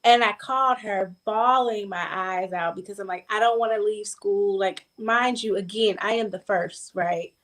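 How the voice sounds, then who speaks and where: A woman's voice: medium pitch, normal speed, few pauses. A young adult woman in a casual group chat, telling a personal story emphatically and repeating words for stress. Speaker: guest.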